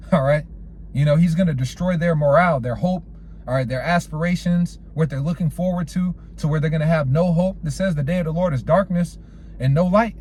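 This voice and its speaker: Slangy, fairly high-voiced male preacher. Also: fairly quick, darkish tone, slight background noise. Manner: peppers speech with "all right" and "man"; casual slangy storytelling. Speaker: street preacher. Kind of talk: informal sermon with scripture quotes.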